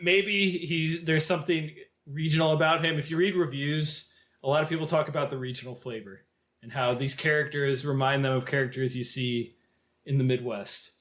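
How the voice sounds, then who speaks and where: Male podcast co-host, fairly high voice, reflective and hesitant delivery. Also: steady tone, moderate pace, fairly bright tone. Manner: thoughtful, musing, hesitant with many fillers. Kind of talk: casual film discussion.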